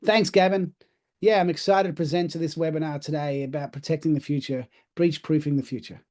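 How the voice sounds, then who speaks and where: An Australian man whose accent mixes Australian, British and American gives a chatty, self-deprecating webinar presentation. His voice is a little high and mellow, with a quick pace and fairly even intonation.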